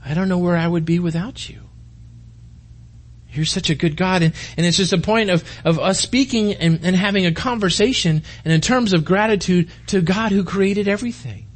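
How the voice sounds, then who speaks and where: A middle-aged man preaching in a loose, conversational way, his voice sitting a little high for a man. He often restarts his sentences and sometimes sinks to a quiet, intense delivery. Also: moderate pace. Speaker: pastor. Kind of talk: sermon.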